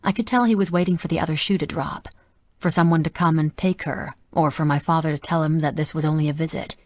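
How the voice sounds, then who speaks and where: A woman narrating a romance audiobook softly and intimately. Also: low voice, steady tone, fast talker, no echo. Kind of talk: scripted narration.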